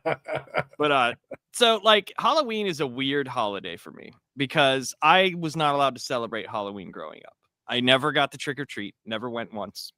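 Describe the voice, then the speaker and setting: A man in his thirties chats on a podcast, swearing and acting out the people in his stories. His voice is bright and swings up and down a lot. The sound is dry and close. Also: medium pitch, normal speed, no room sound. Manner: animated storyteller, swears, laughs, acts out quotes. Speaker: podcast co-host. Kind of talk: casual chat.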